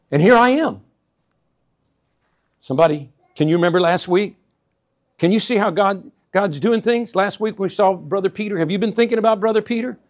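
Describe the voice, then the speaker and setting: Guy preaching a sermon, kinda high voice, goes quiet then loud, keeps asking amen?. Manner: swings between hushed asides and loud emphatic bursts; call-and-response, repeats 'amen?' to the congregation. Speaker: pastor.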